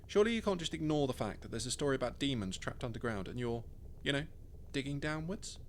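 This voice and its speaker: A man's voice: mid-range voice, lively intonation, fast, a little hiss or hum, voice pushed up, natural voice. A man voicing a skeptical, playful young woman who asks teasing, curious questions, his voice raised noticeably above his own.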